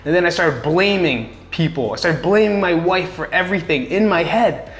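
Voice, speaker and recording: Middle-aged male vlogger, earnest and blunt, cusses casually, slightly high voice, roomy echo. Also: expressive, moderate pace. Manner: blunt, earnest, swears casually, repeats words for emphasis. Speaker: vlogger sharing coping tips. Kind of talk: casual personal advice talk. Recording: echoey room.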